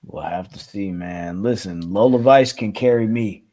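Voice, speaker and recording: A man's voice: fairly low pitch, a little slow, dark tone. A man co-hosting a podcast, laid-back and easygoing in casual wrestling chat. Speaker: podcast co-host.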